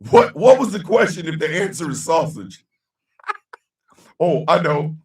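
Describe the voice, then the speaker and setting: A man hosting a casual live-stream show, loud and laughing, heavy on slang. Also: fairly high pitch, expressive, a little slow, far from the mic. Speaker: host. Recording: echoey room, a bit off-mic.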